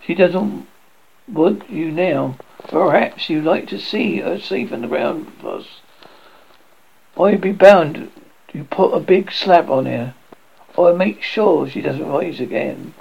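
A man's voice: fairly high pitch, animated, slow pace, vocal fry, husky, lo-fi sound, exaggerated voice. A man voicing a bitter, grieving old woman servant who talks in rustic country speech and hurls accusations.

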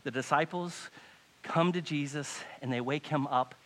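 Male preacher, high bright voice, sermon to a church crowd, hushed then loudly pleading. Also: measured pace. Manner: dramatic, swings from hushed to loud pleading. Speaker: pastor. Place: church hall with congregation.

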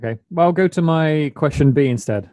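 A man's voice: fairly high pitch, a little fast, dark tone, dry recording. A male podcast host in a casual interview, teasing his guest with dares and bargaining over them.

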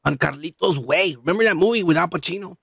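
A tipsy podcast host with a high, gravelly voice rambles crudely through casual banter and swears freely. The sound is dry and close, with no room ring. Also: male voice, fast, fairly bright tone, no room sound.

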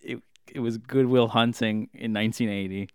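A man with a low, smooth voice spins a long, meandering comic tale. He restarts and corrects himself as he goes. The sound is close and dry. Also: fairly even intonation, normal speed, darkish tone, no room sound. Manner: rambling, self-correcting storyteller. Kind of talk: casual rambling anecdote.

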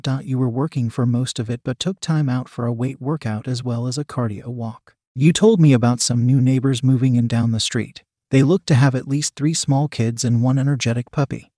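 A man narrating a written story in an even, unhurried reading voice that speaks punctuation marks aloud. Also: medium pitch, no echo, clean studio sound.

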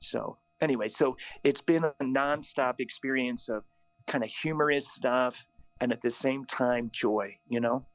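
A middle-aged man, a priest, telling lively stories in a casual chat, often laughing at his own tales. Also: mid-range voice, measured pace. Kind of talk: casual storytelling. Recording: slightly dull, dry audio.

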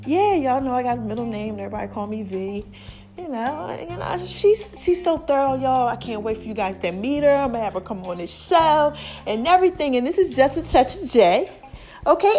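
A middle-aged woman hosting her own podcast, talking casually and animatedly with slang, laughter and shout-outs to listeners. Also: high-pitched. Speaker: podcast host. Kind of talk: casual solo podcast monologue.

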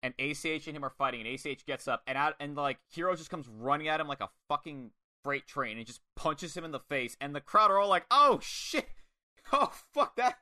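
A man casually reviewing a wrestling match, excitable and swearing often, acting out lines in quoted voices. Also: medium pitch, fast, few pauses, no echo, studio quality. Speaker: podcast co-host.

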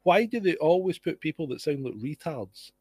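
Scottish guy on a video call, bit husky, laid-back and dry-humored. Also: fairly high pitch, animated, normal speed, darkish tone, no echo. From Scotland. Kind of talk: casual online chat.

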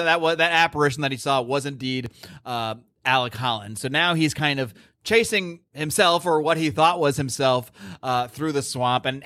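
Bright-voiced man recapping a comic. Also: medium pitch, no room sound. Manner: recaps plot animatedly, lots of fillers and restarts. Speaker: podcast host. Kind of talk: casual comic book discussion.

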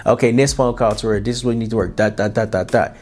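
A firm business mentor with a slightly lowered voice, laying out corrections point by point, as a man quotes him. He sounds steady and instructive. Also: quick pace, soft background music, natural voice. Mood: coaching. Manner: firm, coaching.

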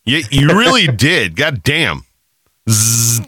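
This man in his thirties has a mid-range, bright, forceful voice that swings widely in pitch while moving slowly. Co-hosting a casual podcast, he tells rambling, profanity-laced stories and laughs a lot. The studio-quality audio has no room sound.

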